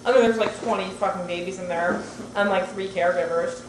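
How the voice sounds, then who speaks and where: A young woman chats with friends, spilling stories in a loose, animated, profane way full of fillers. The recording is roomy and carries steady background noise. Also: medium pitch, fairly quick, distant mic. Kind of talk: casual chat among friends. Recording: roomy, noisy home recording.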